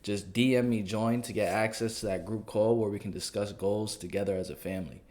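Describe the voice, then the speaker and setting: A man's voice: lowish voice, brisk, darkish tone. A man hosting his own channel, talking casually and addressing his viewers as family. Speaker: video host. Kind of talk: casual commentary and promotion.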